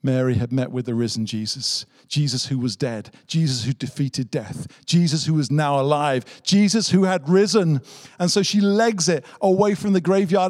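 A man preaches an Easter sermon in a dramatic storytelling manner, stacking repeated phrases for emphasis. His voice sits a little high for a man. The recording is dry and close, with no room echo. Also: moderate pace, a little mellow. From Britain. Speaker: pastor.

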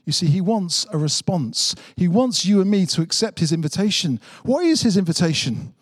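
Earnest pastor, dry close sound. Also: male voice, sits high, animated, normal speed, no room sound. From Britain. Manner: dramatic storytelling with emphatic repetition. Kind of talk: online Easter sermon.

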